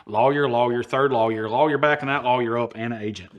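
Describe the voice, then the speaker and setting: A man's voice: medium pitch, quick pace, highs cut off. A man with a Southern US accent, a podcast guest brashly telling a story and acting out quoted lines. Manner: brash, animated storyteller who acts out quotes. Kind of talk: casual storytelling.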